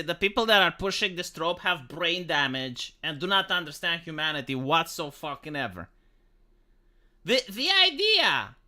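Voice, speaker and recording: A man's voice: extremely high pitch, sharp tone. Ranting, profane man. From Romania. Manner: profane, emphatic, sarcastic. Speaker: live streamer. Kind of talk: ranting live-stream commentary on a film.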